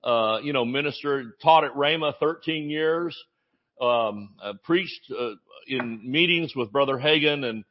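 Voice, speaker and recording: An older male pastor from Georgia telling a folksy story in a sermon, with plenty of fillers and restarts. His pitch sits in a middling range, and the recording is slightly dull. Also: unhurried. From Georgia, USA. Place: church service.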